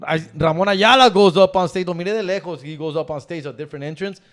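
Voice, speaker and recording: Chicano co-host, easygoing storyteller, slightly high voice, slips into Spanish words. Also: male voice, fast talker, fairly bright tone. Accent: Chicano English. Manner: laid-back, mixes in Spanish words, says "fool" often. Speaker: podcast co-host. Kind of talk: casual storytelling chat.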